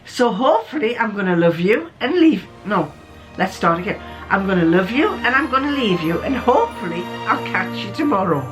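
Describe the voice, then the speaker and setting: A woman's voice: medium pitch, very animated, moderate pace, music in the background. A woman vlogger with a sore throat from a cold, chatting casually and rambling a little. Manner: chatty, rambling, with small restarts. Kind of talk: casual vlog chat and reading aloud.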